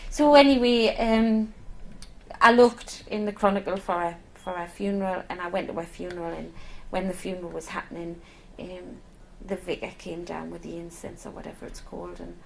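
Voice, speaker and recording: A woman's voice: on the low side, steady tone, moderate pace, vocal fry, a little hiss or hum, poor audio. A middle-aged woman, a palliative care nurse talking candidly about her work in a documentary interview. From Northeast England. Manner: warm, candid, emotional at times. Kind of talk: documentary interview, personal storytelling.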